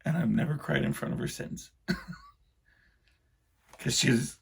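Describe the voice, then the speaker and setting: Gravelly-voiced man rambling solo. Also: mid-range voice, huge pitch swings. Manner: rambling, self-deprecating, halting restarts. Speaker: podcast host. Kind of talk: casual solo monologue.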